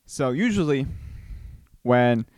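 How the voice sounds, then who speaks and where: A man from Costa Rica hosts a casual solo podcast at an ordinary mid pitch. He rambles through stories, restarting and repeating himself as he talks. The sound is dry and close, with no room echo. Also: expressive, slow pace, a little mellow. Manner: chatty, rambling storyteller with many restarts. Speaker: podcast host.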